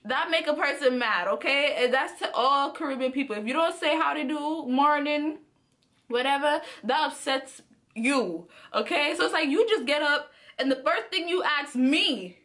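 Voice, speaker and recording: Young woman vlogger, high-pitched and bright, animated and chatty storytime delivery. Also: measured pace. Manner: animated, chatty, speaks straight to viewers. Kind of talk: casual storytime.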